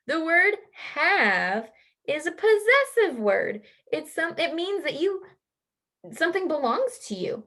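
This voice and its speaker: A young woman teaching young children a phonics lesson over a video call, in a slow, clear, sing-song call-and-response. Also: a little high, fairly bright tone. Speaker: kindergarten teacher.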